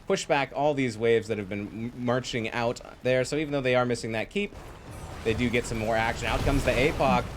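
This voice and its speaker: A man casting a live esports match with energetic play-by-play, calling out fights and thanking viewers. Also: medium pitch, brisk, slight background noise. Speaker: esports caster.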